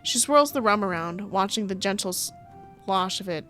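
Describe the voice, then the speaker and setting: A woman's voice: medium pitch, lively intonation, unhurried, fairly bright tone. Young woman streaming a game, chatty and jokey, reads narration then riffs on it, faint music. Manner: playful, chatty, sarcastic asides, frequent laughter. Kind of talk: playthrough reading game text with chatty commentary.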